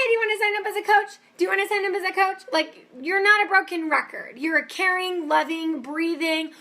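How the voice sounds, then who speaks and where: A woman's voice: high voice, vocal fry, sharp tone. A woman giving an upbeat, emphatic motivational training talk as a business coach. She keeps checking in with her listeners with "okay?".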